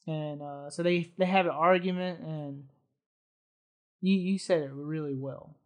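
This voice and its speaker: A man's voice: a little high, steady tone, measured pace. A man in a casual podcast chat, recapping a film in a rambling way with many fillers and frequent laughs. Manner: rambling, hesitant, laughs often. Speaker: podcast co-host.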